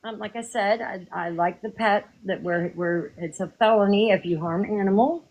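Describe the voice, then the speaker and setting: A woman calling into a live debate, halting with ums and restarts, then lecturing firmly. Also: mid-range voice, darkish tone, low-quality recording. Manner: hesitant with many ums, then preachy and emphatic. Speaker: caller in a debate.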